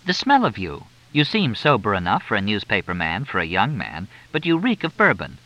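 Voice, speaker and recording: A blunt older lady of means, a mother and grandmother, barks orders in a bright, sharp, lively voice, as a male storyteller puts her on. Her brisk, matter-of-fact bossiness carries through a dull, dry, lo-fi audiobook recording. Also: fairly low pitch, full character voice. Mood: bossy.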